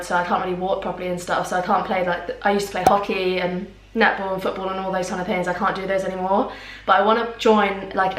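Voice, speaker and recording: Woman, twenties, relaxed vlogger chat at home, filler-heavy and giggly; mid pitch, roomy sound. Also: recorded from a distance. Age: 20s. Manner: chatty, lots of "like" fillers, giggly. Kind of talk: casual vlog chat. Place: home, indoors. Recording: echoey room.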